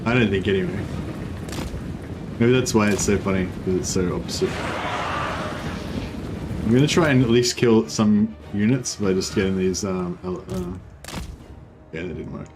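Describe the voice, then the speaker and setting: A man streaming a strategy game speaks on the low side at a moderate pace, pausing often. His casual commentary rambles and interrupts itself, with swearing now and then, against steady background noise.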